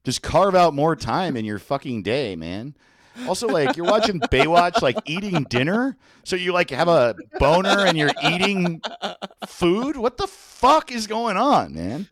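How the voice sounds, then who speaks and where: Slow-talking profane comedian man. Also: high voice, big pitch swings, fairly bright tone, no echo. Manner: crude, profane and laughing often. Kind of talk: casual comedic chat.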